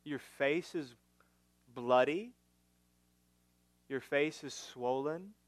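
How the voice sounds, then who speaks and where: A man's voice: medium pitch, very slow, no echo. A man voicing a stern Roman governor questioning a prisoner in a sermon. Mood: probing. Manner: probing, repeated questions.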